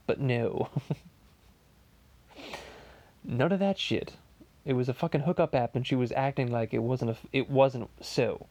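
A man's voice: mid-range voice, unhurried, long pauses, a little mellow, dry recording, lightly acted. A man voicing Stewie as a podcast host, delivering a rambling, profane comedic monologue full of stammering restarts. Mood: ranting. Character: Stewie as a crude, ranting male podcaster.

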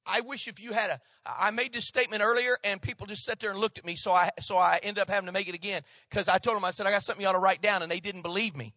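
High bright-voiced preaching pastor. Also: male voice, steady tone, very fast, hardly any pauses, dry recording, studio quality. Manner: preaches with swings between loud emphasis and hushed asides. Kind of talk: sermon.

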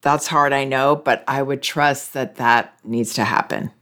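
With a smooth, mid-range voice, a parenting advice host answers listener questions slowly and conversationally. The delivery is patient and measured, gently reassuring struggling parents as the host calmly reflects and explains.

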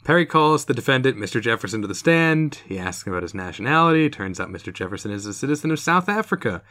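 A man's voice: mid-range voice, very animated, fast, pushed and bright. A man co-hosting a podcast, recapping an old TV episode in casual, jokey chat, laughing often. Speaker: podcast co-host.

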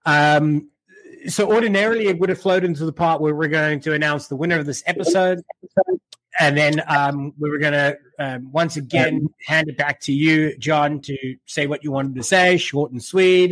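A man's voice: on the high side, fairly even intonation, normal speed, a bit bright, no echo. This is a South African man with a blended accent, hosting a casual podcast with a slightly raised voice. He chats loosely and rambles, and the sound is dry and close. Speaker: podcast host.

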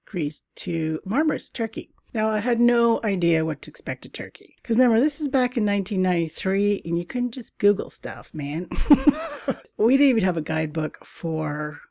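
A woman's voice: medium pitch, very animated, moderate pace, vocal fry, mellow, no echo. A middle-aged woman from Canada hosting a travel podcast, chatting casually in a bubbly way and laughing often. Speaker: podcast host.

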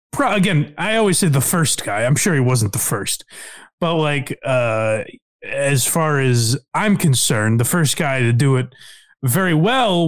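A man co-hosting a casual comedy podcast, rambling and laughing with plenty of restarts. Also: fairly high pitch. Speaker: podcast co-host.

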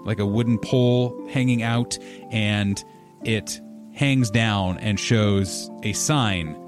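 Running a tabletop game, a game master with a voice on the low side lays out scenes loosely and rambles, using plenty of fillers.

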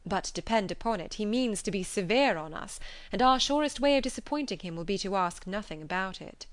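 A woman's voice: medium pitch, a little fast, no room sound, lightly acted. Casting: woman playing a witty young woman, teasing and ironic, dry close sound. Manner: lively, ironic.

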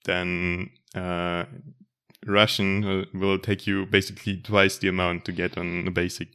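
A man in casual conversation, reflective and earnest, filling pauses with "like" and "uh". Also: low voice, little pitch movement, sharp tone, clean tone. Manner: reflective, earnest, uses fillers like "like" and "uh". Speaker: conversation partner. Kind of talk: casual chat.

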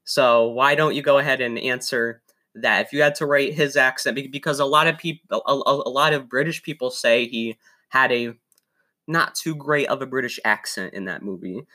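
A man's voice: medium pitch, moderate pace, pushed and bright. A man hosting a podcast, asking interview questions with hesitant, stumbling restarts. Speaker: podcast host.

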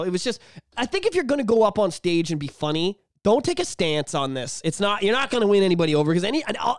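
This Canadian podcast host keeps things casual and animated, cursing a lot and putting on high-pitched voices to act out quotes. The studio recording is clean, without any room sound.

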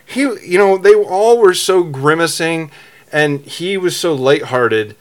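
A man co-hosting a podcast, telling a story in casual chat, halting and rambling with many restarts. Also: on the high side, expressive. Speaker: podcast co-host.

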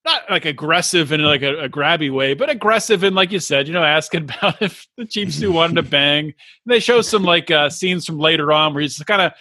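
A man's voice: a little high, lively intonation, fairly quick, sharp tone, no room sound. A man co-hosting a casual podcast, making wry, joking comments. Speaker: podcast co-host.

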